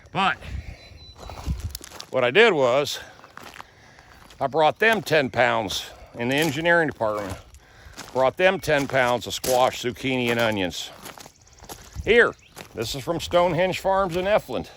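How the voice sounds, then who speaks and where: A man's voice: mid-range voice, expressive, unhurried, long pauses, fairly bright tone, slight background noise. A man vlogging casually, walking through his garden and telling folksy stories. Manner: folksy storyteller. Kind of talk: casual vlog walk-through. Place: rural garden outdoors.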